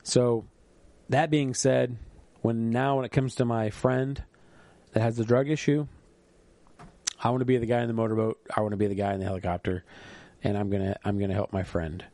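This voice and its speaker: A middle-aged man hosting a solo podcast, speaking earnestly and reflectively as he tells a story. His voice sits at an ordinary pitch with a dry, close sound. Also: level tone, normal speed, pauses often, dark tone, no room sound. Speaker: podcast host. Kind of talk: casual solo podcast monologue.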